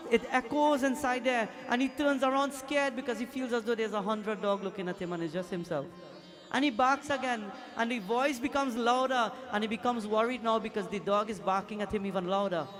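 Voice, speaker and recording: A man giving a sermon as a pundit, telling stories and acting out the voices in them. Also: sits high. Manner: animated preacher, acts out quoted voices, asks the crowd questions. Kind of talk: sermon with storytelling. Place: temple hall.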